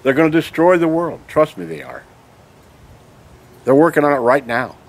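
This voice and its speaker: A man's voice: a little high, moderate pace. Angry ranting man, raised voice. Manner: heated and emphatic, keeps asking "okay?". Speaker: vlogger. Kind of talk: angry ranting monologue to camera.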